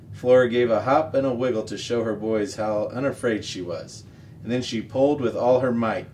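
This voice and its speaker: A man reading a children's novel aloud as the show's regular reader, steady and expressive. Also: medium pitch, normal speed. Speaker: story reader. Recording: distant mic, faint noise.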